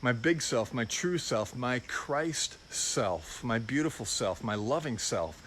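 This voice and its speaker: A man's voice: medium pitch, expressive, slow pace, a bit bright, a little hiss or hum. A middle-aged man giving an informal, personal sermon as a pastor, reflective and confessional.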